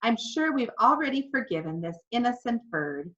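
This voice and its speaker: A woman voicing a kindly, composed middle-aged male pastor who speaks in a warm, measured preaching tone. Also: fairly high pitch, very animated, voice pushed up. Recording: slightly dull lo-fi recording.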